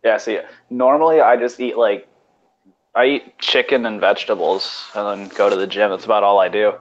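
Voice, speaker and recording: A man's voice: on the low side, fairly even intonation, normal speed. Rambling young man on a muffled call. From California. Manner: laid-back, rambling, stammering restarts. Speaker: podcast co-host. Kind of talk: casual crude banter. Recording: lo-fi voice call with faint noise.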